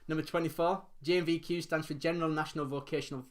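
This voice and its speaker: A man's voice: on the high side, steady tone. A man hosting a casual live quiz from his home dining room, reading out answers and chatting between them. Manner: reads answers briskly, chats and laughs between. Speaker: quiz host.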